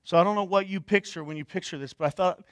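A man preaching a sermon in a conversational way, asking the room questions and getting animated as he retells the story. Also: high-pitched, fast, smooth, no room sound, studio quality. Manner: hushed and soft when praying. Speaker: pastor.

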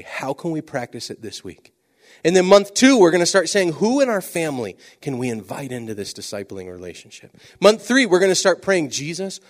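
Male church speaker, lively storyteller, wide swings, hushed asides. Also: fairly high pitch. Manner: animated storytelling, drops to near whisper for emphasis. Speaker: missionary speaker. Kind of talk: sermon-style talk with stories.

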